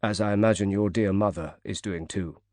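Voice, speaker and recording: A man acts out a heavyset, silver-haired older tycoon in mourning, proud and quick to take offence. His voice sounds a little distant and wounded. The reading is dry and close to the mic. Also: on the low side, fairly even intonation, mellow, no echo, natural voice. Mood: mournful. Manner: wounded, indignant, fast when angry.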